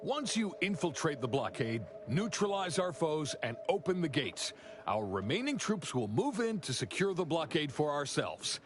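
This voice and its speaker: A man's voice: a little high, big pitch swings, moderate pace, a little hiss or hum. An actor playing a chatty, upbeat male corporate publicist in a video game.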